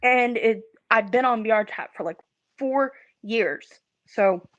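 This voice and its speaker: A woman in her twenties venting to viewers in a casual way, tired and stressed, halting and stammering as she restarts her sentences. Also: on the high side, fairly bright tone, no echo, highs cut off. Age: 20s. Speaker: content creator.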